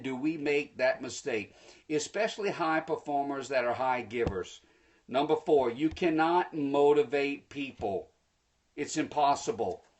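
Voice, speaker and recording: A man giving a live-streamed motivational talk, preachy and energetic, speaking to viewers through a phone. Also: fairly high pitch, slightly rough. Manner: energetic, preachy, bursts into excited shouts; folksy, addresses viewers directly. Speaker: motivational speaker hosting a livestream.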